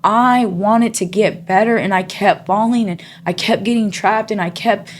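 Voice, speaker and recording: An earnest woman telling her own story as an interview guest, in a mid-pitched voice. Her talk stops and starts, padded with "you know" and "like" as she works through each thought. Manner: halting, full of 'you know' and 'like' fillers; earnest and emotionally open. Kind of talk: candid personal faith testimony.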